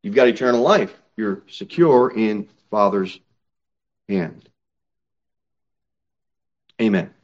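A male pastor preaching a sermon from the pulpit, reading scripture and pressing his points with slow, emphatic stresses and sudden raised peaks. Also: lowish voice, animated, highs cut off. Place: church sanctuary, at the pulpit.

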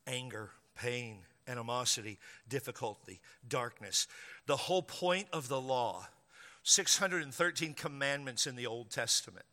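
A man's voice: mid-range voice, pushed and bright, long reverb tail. A man preaching a sermon in a church, acting out the doubts of his listeners in quoted voices. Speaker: pastor.

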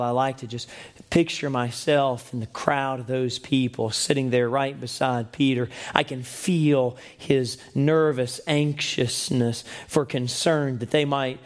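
A man preaching a sermon in an earnest, emphatic way, with rhetorical questions to the congregation. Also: mid-range voice.

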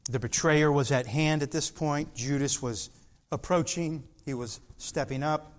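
A man's voice: fairly high pitch, slow. A man preaching a sermon, reading scripture aloud and acting out Peter's insistent lines with rising emphasis.

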